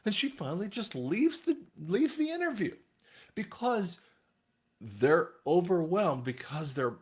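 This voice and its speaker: A man talking casually to his viewers in a rambling monologue, often restarting his sentences. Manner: rambling, frequent restarts, animated swings in pitch. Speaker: online commentator.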